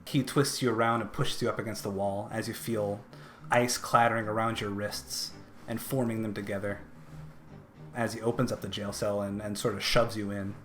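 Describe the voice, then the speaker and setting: A man's voice: lowish voice, flat delivery, moderate pace. Man narrating as dungeon master. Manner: descriptive, with filler and restarts. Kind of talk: narrating a tabletop game.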